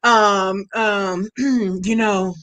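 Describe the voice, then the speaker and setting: A woman's voice: medium pitch, steady tone, extremely slow, fairly bright tone. A woman in her forties hosting a radio show, chatting casually, laughing often and talking straight to her listeners. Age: 40s. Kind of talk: casual chat.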